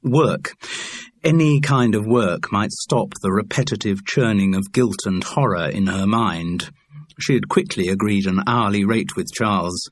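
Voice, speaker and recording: A man reading a novel as an audiobook narrator, measured and dry. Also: on the low side, no echo. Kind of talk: scripted narration.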